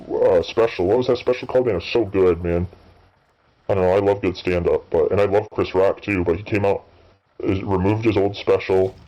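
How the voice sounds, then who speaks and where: A low-pitched man in his thirties rambles through unscripted commentary while gaming, swearing often and stumbling over fillers and restarts. The recording is dull and lo-fi, lacking any crisp top end. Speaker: gaming channel host. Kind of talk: rambling off-the-cuff commentary while playing a game.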